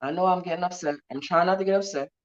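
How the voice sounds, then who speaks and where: A woman's voice: fairly low pitch, rapid-fire, muffled recording. A woman talking bluntly and heatedly in a profane livestream rant. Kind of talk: ranting livestream monologue.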